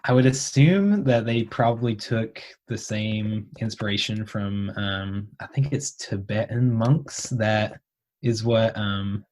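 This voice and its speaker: A young man with a low voice co-hosts a podcast in easy, casual chat. He talks in halting bursts, stopping and restarting often and leaning on fillers as he thinks aloud. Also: darkish tone, a little hiss or hum. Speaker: podcast co-host.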